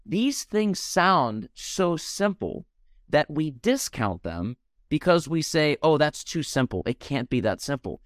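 A man's voice: fairly high pitch, very animated, takes it slowly, no room sound, clean studio sound. A young man hosting a podcast interview, speaking with passion and heartfelt gratitude. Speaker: podcast host.

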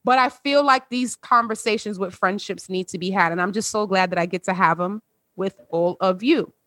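A woman's voice: mid-range voice, moderate pace, fairly bright tone, no echo. Heartfelt woman podcast host, dry sound. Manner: emotional, heartfelt, laughs often. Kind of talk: casual chat with friends. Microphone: video call.

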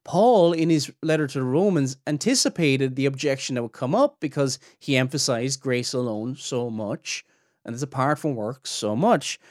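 A podcast host and Bible teacher speaks at medium pitch and a moderate pace, his tone darkish, in clean studio audio with no echo. He teaches theology earnestly and emphatically, his voice climbing sharply when he presses a point.

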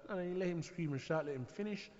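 A man's voice: fairly high pitch, a little mellow. Male preacher in an echoey hall. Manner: measured, with frequent restarts and pauses. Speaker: Islamic preacher. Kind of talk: religious lecture. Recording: echoey hall, dull lo-fi sound.

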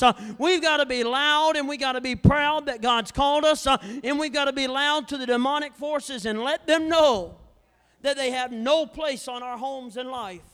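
A male evangelist preaching a fiery revival sermon in a church, swinging between loud declarations and hushed asides. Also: very high voice, moderate pace. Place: church sanctuary. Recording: long church hall reverb.

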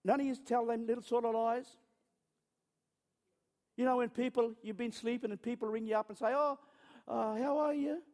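A man's voice: very high-pitched, little pitch movement, fairly quick, long pauses, mellow, long reverb tail. A man preaching a sermon through chatty, self-mocking stories, often stopping and restarting his sentences. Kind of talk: storytelling sermon.

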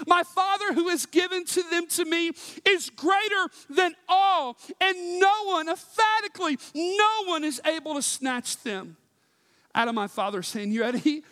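High-voiced, impassioned male preacher. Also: big-room sound. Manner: impassioned, swinging from shouts to hushed whispers. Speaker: pastor. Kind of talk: sermon.

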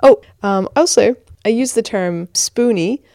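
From a bedroom blanket fort, a weary twenty-something woman hosts a laid-back podcast, laughing easily and joking at her own expense in a hybrid American-Australian accent. Her pitch is fairly high, her tone dark, and she talks a little slowly. There's no room sound, and the quality is studio level.

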